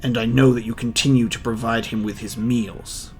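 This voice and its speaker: A man voicing a grim, stoic young swordsman while reading a manga aloud, in a flat, cold, unhurried manner. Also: medium pitch, slight background noise, natural voice.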